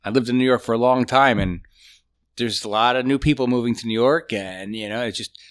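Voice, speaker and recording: A man talking as a guest in a casual podcast chat, telling stories and mimicking accents in quick asides. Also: medium pitch, smooth. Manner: lively storyteller, mimics accents. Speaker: guest butcher.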